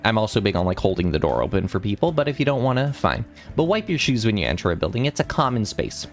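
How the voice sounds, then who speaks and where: A young man streaming, telling an anecdote in casual chat with a rambling, animated delivery. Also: lowish voice, fast, soft background music. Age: young adult. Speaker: streamer host.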